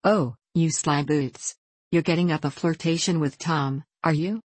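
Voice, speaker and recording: Bored snooty city girl, drawly, low husky voice, woman doing her. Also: normal speed, a little mellow, dry recording. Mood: scornful. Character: languid, fashionable city girl.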